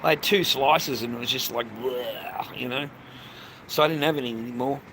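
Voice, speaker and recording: A man's voice: mid-range voice, moderate pace. An Australian man live-streaming outdoors, chatting in a rambling way, swearing freely and calling everyone "mate". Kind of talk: casual live-stream chat. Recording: noisy outdoor traffic.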